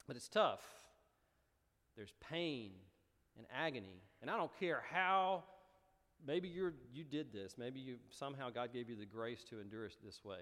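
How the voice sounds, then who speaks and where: A man preaching a sermon, animated and storytelling with rising emphasis. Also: medium pitch, normal speed. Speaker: pastor. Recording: long hall reverb.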